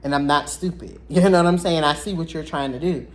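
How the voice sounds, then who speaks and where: A woman telling viewers a personal story in a casual vlog, talking in an animated, blunt way and addressing them directly. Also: deep voice, brisk.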